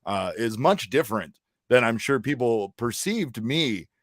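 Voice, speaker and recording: A man's voice: medium pitch, expressive, measured pace, fairly bright tone, dry recording, clean studio sound. A man hosting a casual sports podcast, upbeat and playful, hyping up his co-host.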